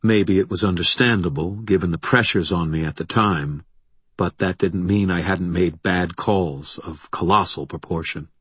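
A man narrating a first-person audiobook with a very low, husky voice. He reads in a measured, introspective way. The sound is dry and close. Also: fairly bright tone, no echo.

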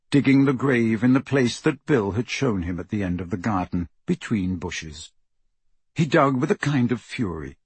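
A man reads an audiobook in a measured, somber manner. His voice is strikingly breathy and husky, at an ordinary male pitch. The recording is close and completely dry. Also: no room sound. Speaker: audiobook narrator. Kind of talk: scripted audiobook narration.

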